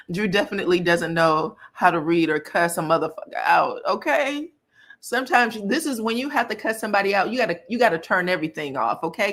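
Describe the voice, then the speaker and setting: A woman's voice: sits low, a bit bright. A woman hosting casual pop culture commentary, sassy and blunt, cussing freely as she reacts.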